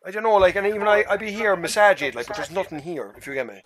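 A man's voice: high-pitched, animated, fast, crowd noise. An Irish man chatting casually on a game live stream, rambling, swearing and joking with his mates. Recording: loud game engine noise behind.

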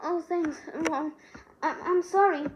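A woman's voice: high voice, moderate pace, highs cut off, noisy background, close to an everyday voice. A woman voicing an anxious, bookish teenage witch who talks earnestly and stammers. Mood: upset.

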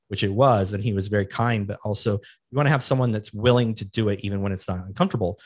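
A man's voice: lowish voice, fast, no room sound, clean studio sound. Man giving plain-spoken motivational podcast talk. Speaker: podcast host. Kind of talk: casual solo podcast talk.

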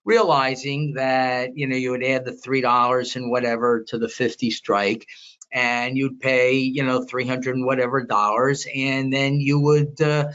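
An older man recounts his past in an interview, stopping and restarting as he goes and then getting animated. The audio is a little muffled and lo-fi. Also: mid-range voice, measured pace. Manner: rambling, animated anecdotes with many restarts. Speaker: guest, veteran market analyst. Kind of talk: storytelling interview.

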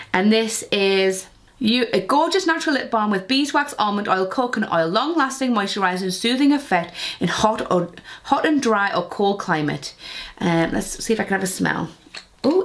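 A woman's voice: medium pitch, creaky. Chatty woman unboxing beauty products. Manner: chatty, rambling, lots of fillers. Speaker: beauty vlogger. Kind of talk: casual product unboxing chat.

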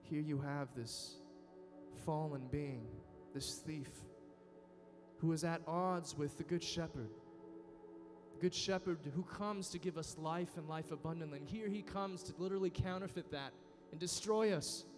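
Lively male youth preacher with a high voice; large reverberant hall. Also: unhurried. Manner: dynamic, acts out inner voices. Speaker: youth conference speaker. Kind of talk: sermon. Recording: reverberant hall with soft music.

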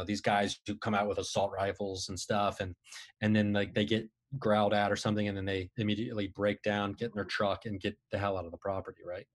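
A man casually telling a long personal story, rambling with frequent restarts and animated retellings. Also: fairly low pitch. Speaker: guest storyteller.

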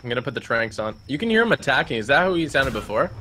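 A young man co-playing a game, quick and directive with a joking streak. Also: medium pitch, big pitch swings, pushed and bright. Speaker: co-host gamer. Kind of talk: casual co-op game commentary. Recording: noisy background.

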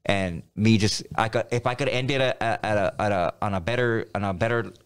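A man's voice: lowish voice, brisk, clear, resonant tone. A middle-aged man telling a story in a casual interview, rambling, repeating himself and using plenty of street slang. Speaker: podcast guest.

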